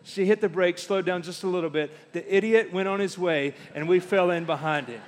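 A middle-aged man preaching with a bright, high-pitched voice. He tells stories as he goes and slows to a crawl on the words he wants to land. His voice rings with a long reverb, as in a church sanctuary. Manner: storytelling preacher, slows down for emphasis. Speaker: pastor. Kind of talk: sermon.

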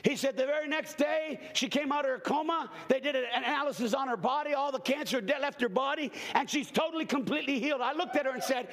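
A man preaching a sermon as a travelling evangelist to a church congregation, telling folksy stories with jokes and bursting into shouts. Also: very high-pitched, quick pace, few pauses.

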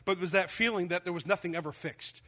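A man preaching a sermon, telling a personal story with lively quoted voices and dramatic pauses. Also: high-pitched. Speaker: pastor.

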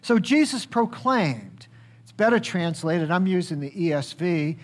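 A man preaching a sermon, asking the congregation questions and acting out quoted speech, swinging high and dropping low for emphasis. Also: expressive, measured pace. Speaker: pastor.

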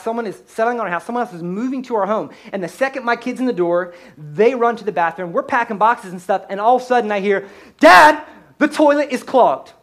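A man who is a pastor, telling a comedic story in a sermon in a high-strung, animated way.

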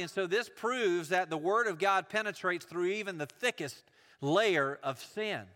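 A man's voice: high-pitched, measured pace, pushed and bright, long reverb tail. A man preaching a sermon, earnest and building emphasis through repetition.

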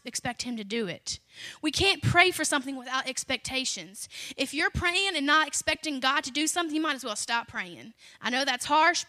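A woman's voice: sits high, pushed and bright. A young adult woman, a children's pastor, preaching a sermon in an emphatic, conversational way, repeating her key lines.

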